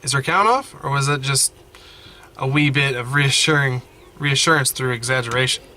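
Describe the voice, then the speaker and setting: A man playing a story game at home, reading the text aloud with animated running commentary and frequent self-corrections. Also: mid-range voice, moderate pace. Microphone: desk mic, wearing headphones.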